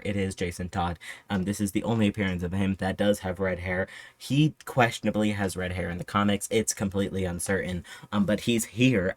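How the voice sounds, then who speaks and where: A man giving a casual movie review in an excitable, rambling manner, swearing often. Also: low-pitched, no echo. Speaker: host.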